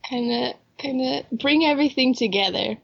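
A woman co-hosting a chatty podcast, her voice a little higher than most and stuffed up and nasal from a head cold. She sounds upbeat and eager. The audio is dull and slightly lo-fi. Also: moderate pace, creaky. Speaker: podcast co-host. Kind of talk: casual chat.

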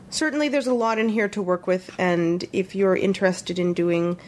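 A woman co-hosting a podcast, reviewing a knitting book in a measured, thoughtful way. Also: mid-range voice, a little hiss or hum.

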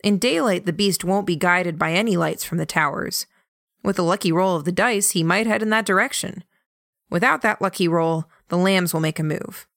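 A woman voicing a wry, tired young man in a dry, measured way. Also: fairly low pitch, creaky, a bit bright, dry recording.

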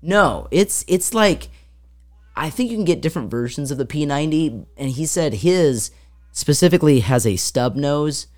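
Telling a lengthy story on a laid-back podcast she co-hosts, a woman speaks at normal speed in a low, darkish, expressive voice. She wanders with lots of fillers and acts out sounds.

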